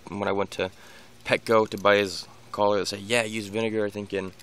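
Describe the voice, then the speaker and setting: A man's voice: on the low side, flat delivery, fairly quick, a bit bright, smooth. A man talking casually in a vlog about training his dog, rambling with many restarts and repeated words. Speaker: dog owner giving training tips. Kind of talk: casual unscripted vlog monologue.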